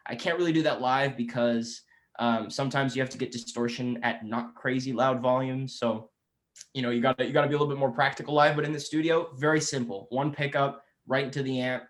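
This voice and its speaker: A man's voice: medium pitch, fairly even intonation. A man in his twenties, a guest musician chatting eagerly and at length, often restarting his sentences. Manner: eager, talkative, many quick restarts. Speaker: guest musician and guitar teacher. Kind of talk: casual podcast chat.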